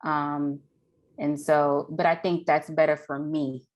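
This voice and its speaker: A woman's voice: low voice, little pitch movement, takes it slowly. A woman co-host in casual podcast chat, playful and sassy, often laughing.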